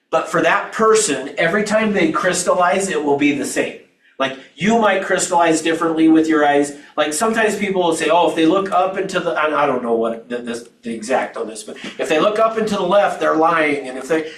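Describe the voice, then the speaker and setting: A man leads a live training class, talking loosely and restarting his sentences as he explains. His voice sits a bit high for a man. He stands well back from the mic in an echoey training room. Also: fairly bright tone, recorded from a distance. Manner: conversational, with restarts and asides. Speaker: real estate trainer.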